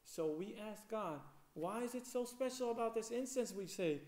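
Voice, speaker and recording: High-voiced man telling a story in an echoey room. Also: normal speed. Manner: animated storyteller, acts out quoted voices, many fillers. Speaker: rabbi. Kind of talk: Torah portion sermon with storytelling.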